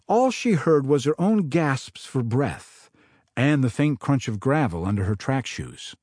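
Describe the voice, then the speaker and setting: A man's voice: medium pitch, a little slow, no room sound. Guy reading his own book, lots of up and down in the voice, dry close mic. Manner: expressive, dramatic storytelling. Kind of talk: audiobook narration.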